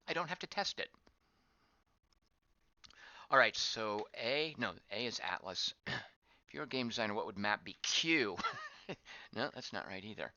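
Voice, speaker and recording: A man's voice: medium pitch, bright, forceful tone, no room sound. A man giving casual gameplay commentary as he plays, thinking aloud, wondering and reacting to what is on screen. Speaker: game streamer. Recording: dull lo-fi dry voice track.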